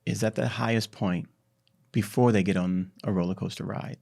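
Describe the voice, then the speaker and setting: A man guest on a podcast, telling a history story in an animated, drawn-out way. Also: lowish voice, creaky. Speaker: startup CEO, podcast guest. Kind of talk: conversational storytelling.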